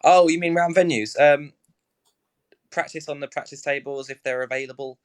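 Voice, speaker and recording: A man's voice: a little high, steady tone, normal speed, smooth, no echo. A young man, a snooker player chatting as a guest, rambling with many fillers and restarts. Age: young adult. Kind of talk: casual live chat.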